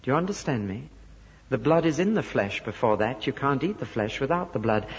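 A man's voice: mid-range voice, breathy edge. A man preaching a sermon, explaining scripture and voicing the people he quotes. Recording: dull recording in a large reverberant hall.

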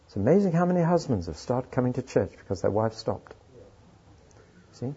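Brief: male preacher, very husky and mellow, dry wit, dull lo-fi tape sound. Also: medium pitch, sing-song, normal speed. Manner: dry humor, storytelling. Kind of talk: sermon with anecdotes. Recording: dull lo-fi recording.

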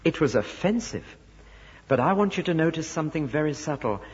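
A man preaches an expository sermon, often voicing the people he quotes. His voice is a little husky. The recording sounds dull and lo-fi, with long reverb from a large hall. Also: fairly high pitch, animated, brisk.

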